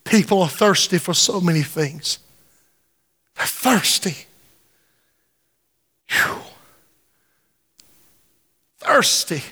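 High-voiced preacher man in a reverberant hall. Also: expressive, pushed and bright, breathy edge. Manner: impassioned preaching, drawn-out phrases, sudden swells. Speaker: pastor. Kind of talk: sermon. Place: church sanctuary. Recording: long reverb in a large hall.

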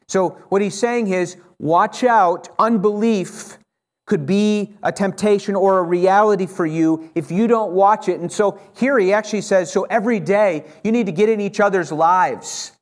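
A man with a rather high voice delivers a sermon as pastor. He speaks with urgent, emphatic conviction and often stops and restarts a phrase mid-thought. He exhorts his congregation directly. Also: normal speed. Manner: earnest, urging, emphatic; frequent self-corrections and restarts.

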